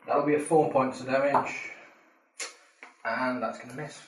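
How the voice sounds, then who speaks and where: A man's voice: medium pitch, steady tone, measured pace, slight background noise. A man at a tabletop game, giving dry matter-of-fact dice talk. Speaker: player. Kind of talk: casual tabletop play. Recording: roomy room from a far mic with chatter.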